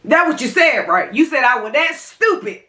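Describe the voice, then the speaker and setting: Young woman venting to her viewers, kinda high voice, really heated and intense. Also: very animated, normal speed, sharp tone. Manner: impassioned, speaks straight to viewers. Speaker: vlogger. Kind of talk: emotional mukbang commentary.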